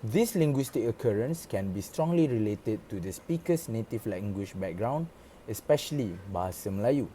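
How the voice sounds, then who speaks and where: A man's voice: lowish voice, lively intonation, moderate pace, dark tone, a little hiss or hum. Man giving a scripted class presentation. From Malaysia. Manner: explanatory, reads from prepared script. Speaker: student presenter. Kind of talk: academic presentation.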